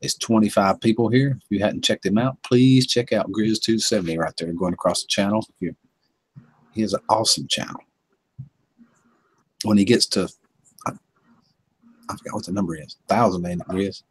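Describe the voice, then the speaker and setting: A man's voice: fairly low pitch, moderate pace, pauses often, slightly rough. Folksy man hosting a livestream. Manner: chuckling, folksy, greets chat viewers by name. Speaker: livestream host. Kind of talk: casual livestream chat. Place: home.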